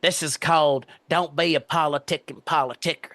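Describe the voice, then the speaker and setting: A man co-hosting a podcast, reviewing a TV episode in animated, profane casual chat. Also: fairly high pitch, normal speed, dry recording. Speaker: podcast co-host.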